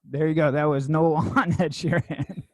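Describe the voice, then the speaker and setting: A man co-hosting a music podcast, easygoing and quick to laugh as he reads quotes and introduces clips. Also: on the high side, steady tone. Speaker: podcast co-host. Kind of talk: casual chat.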